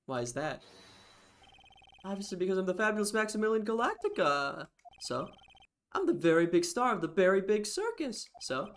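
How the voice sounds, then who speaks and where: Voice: mid-range voice, sing-song, normal speed, slight background noise, pitched above the performer's own voice, natural voice. A player voicing a vain, flamboyant male stage magician while reading game dialogue aloud, with a grandiose, preening delivery. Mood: haughty.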